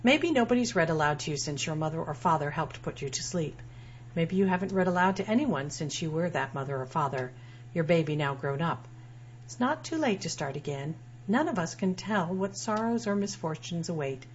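A woman's voice: low-pitched, expressive, fairly quick. A woman writer reading her own personal essay aloud in a wry, dryly humorous way. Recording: dull lo-fi sound with faint hum.

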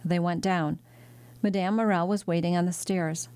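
A woman reading a classic novel aloud as an audiobook narrator, in a measured, dramatic way. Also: lowish voice, fairly even intonation, darkish tone, clean tone, dry recording. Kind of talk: scripted narration.

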